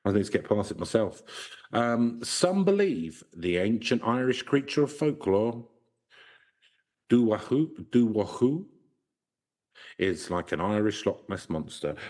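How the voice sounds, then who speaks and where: A man co-hosting a podcast, reading folklore notes aloud and joking with his co-host, with halting restarts. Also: on the low side, sing-song, a little mellow.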